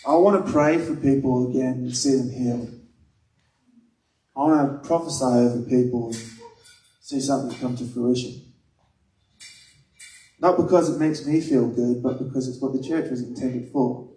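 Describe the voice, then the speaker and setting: A man's voice: mid-range voice, normal speed, pauses often, dark tone. A man preaching a sermon, earnest and conversational, mixing scripture with personal stories. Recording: echoey room, mic at a distance.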